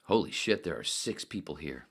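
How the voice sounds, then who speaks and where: Very deep-voiced rambling male podcast host. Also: expressive, normal speed, vocal fry, husky. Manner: rambling, swears a lot, mutters asides. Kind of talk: casual solo podcast chat.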